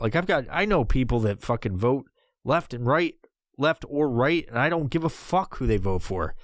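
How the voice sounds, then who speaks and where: In a clean studio recording with no echo, a man with a mid-range voice hosts a podcast. He rants casually and animatedly, swearing a lot and rambling through restarts.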